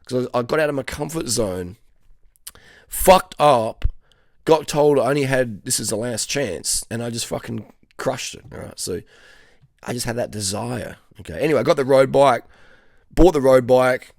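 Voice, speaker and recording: A man in his forties with an Australian accent, telling a profane, animated story to camera in casual slang. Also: mid-range voice, normal speed, no echo, studio quality. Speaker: cycling vlogger.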